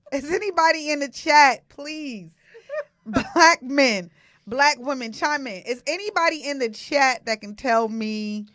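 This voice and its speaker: High, lively questioning woman co-host. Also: slow, long pauses, no room sound, studio quality. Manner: questioning, exclaiming, playful. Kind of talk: casual talk show chat.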